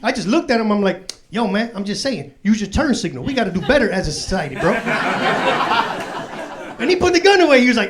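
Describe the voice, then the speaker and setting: A very high-pitched, very animated, fast-talking man in his forties works a comedy club stage, using profane street slang and laughing as he lands jokes. He hails from Chicago's South Side. Crowd noise and laughter fill the live recording.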